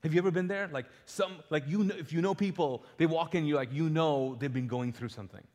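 A man's voice: fairly high pitch, fast talker, a little mellow. A male pastor preaching a casual, humorous sermon to a live congregation, acting out scripture dialogue and often repeating words as he goes. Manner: frequent word repeats and restarts. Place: church auditorium before a live congregation. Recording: long reverb of a church hall.

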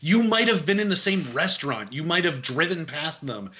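A man in relaxed conversation with a fairly high, bright and forceful voice. He talks loosely and jokes often, breaking into laughter. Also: moderate pace. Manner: jokey, puts on gruff voices, laughs often. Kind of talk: casual chat.

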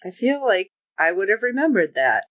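This co-host's voice is mid-range at a normal speed, on a dull, lo-fi recording with no room sound. She talks through a TV episode in a relaxed podcast chat, animatedly performing characters' lines.

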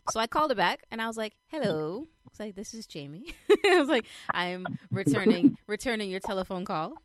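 A young adult woman chatting casually as she shares a personal update, retelling things in an animated way with lots of fillers. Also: mid-range voice, no room sound. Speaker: vlogger sharing a personal update. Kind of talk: casual chat.

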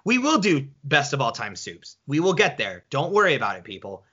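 A young man co-hosting a casual podcast, arguing in an animated, incredulous way and swearing freely. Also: medium pitch, a little fast, slightly rough, dull audio. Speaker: co-host.

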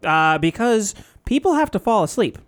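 A man's voice: sits high, big pitch swings, normal speed. A man in a casual chat who argues his opinions emphatically and swears freely.

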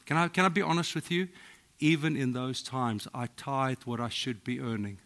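A middle-aged South African man, a pastor preaching a sermon, telling stories in a voice that drops to a hush and then rises to loud exclaiming. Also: medium pitch, moderate pace. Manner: storytelling, swings from hushed to exclaiming.

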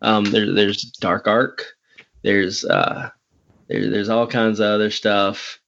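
A man hosting a podcast interview, excitable and rambling, often breaking into laughter. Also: lowish voice, slow pace, vocal fry, lo-fi sound, slight background noise. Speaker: podcast host. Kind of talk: casual interview chat.

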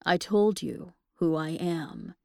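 A woman voicing a hushed, sad young ghost. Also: fairly low pitch, fairly even intonation, slow pace, creaky, slightly rough, dry recording, clean studio sound, exaggerated voice. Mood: weary. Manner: quiet, sighing, subdued.

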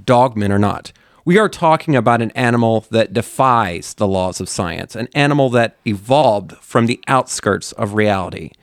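A man's voice: fairly low pitch, expressive, moderate pace, dry recording, studio quality. A man co-hosting a podcast in casual comedic chat, going from crude jokes to mock-ominous storytelling. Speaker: podcast co-host.

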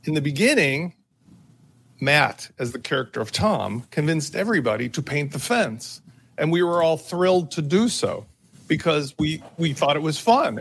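A man with a rough, breathy rasp and a slightly raised pitch holds forth on a panel. He talks with theatrical emphasis, leaning into a story and pressing each point home. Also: big pitch swings, normal speed. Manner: theatrical, emphatic, builds to loud punchlines. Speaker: panelist on a tech talk show. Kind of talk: animated opinion talk with storytelling.

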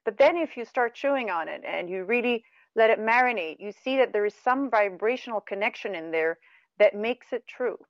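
A middle-aged woman who is not a native English speaker, a guest talking earnestly and warmly about spiritual self-talk in a radio conversation. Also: a little high, normal speed, no echo, lo-fi sound. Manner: earnest, animated, laughs at herself. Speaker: guest, meditation teacher.

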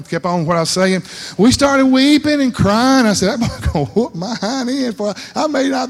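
A man preaching a folksy sermon, rambling and repeating words, laughing at himself and acting out voices in his stories. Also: fairly high pitch. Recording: long hall reverb.

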